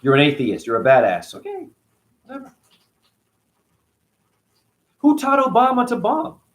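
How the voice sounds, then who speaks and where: A man's voice: sits high, huge pitch swings, a little fast. A middle-aged man hosting a spiritual livestream, ranting in a profane, preachy way and answering his chat.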